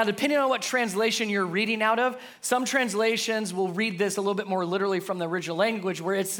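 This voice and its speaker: Male pastor, high voice, emphatic sermon with a repeated refrain. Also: a bit bright. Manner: emphatic, repeats a refrain, calls listeners to say it back.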